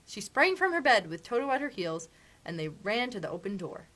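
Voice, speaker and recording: A woman librarian reading a storybook aloud for children, expressive and animated, with gasps at dramatic moments. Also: mid-range voice, brisk, low-quality recording.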